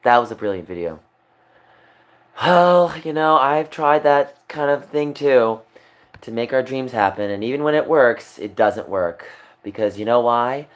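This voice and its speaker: A man's voice: medium pitch, animated, measured pace. A young man on a livestream, talking upset and rambling, repeating himself. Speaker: streamer. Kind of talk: emotional livestream monologue.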